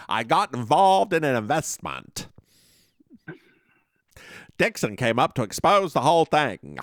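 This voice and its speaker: A man's voice: fairly high pitch, sing-song, slow pace, long pauses, no room sound, studio quality. A man voicing an old male country doctor, reciting his past in a put-on hokey accent. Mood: confessional. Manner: reciting a backstory in a put-on drawl.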